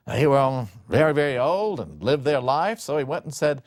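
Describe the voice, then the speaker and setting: A man giving a lecture on a classic Greek play, telling the story in an animated, dramatic way. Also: medium pitch, normal speed, no echo, clean studio sound.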